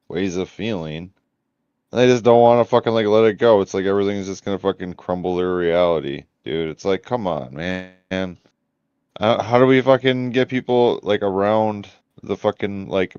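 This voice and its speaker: A low-voiced man rambles in casual chat, cursing and trailing off as he hunts for words. His voice is smooth and resonant but comes through dull and lo-fi. The sound is dry. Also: darkish tone, dry recording. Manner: swearing, rambling, searching for words. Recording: dull lo-fi audio.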